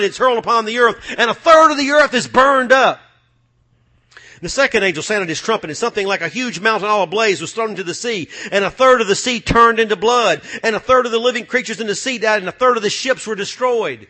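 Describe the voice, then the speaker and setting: A man preaching a sermon, swinging from loud, fiery passages to low, muttered asides. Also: animated, fairly quick.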